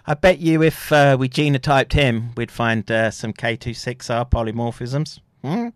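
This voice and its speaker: A man hosting a commentary show, reacting to news clips with mocking laughter and swinging into loud, angry rants. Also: medium pitch, a little slow, no room sound. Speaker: commentary host.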